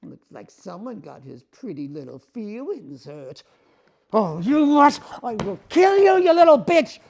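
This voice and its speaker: Guy putting on a mean little ventriloquist dummy, high voice, drawn-out mocking, angry outbursts. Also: very animated, creaky, a little mellow, exaggerated voice. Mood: taunting. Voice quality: sneering, mocking, explosive outbursts. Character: bitter, raging male ventriloquist dummy. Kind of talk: solo ventriloquist-style performance.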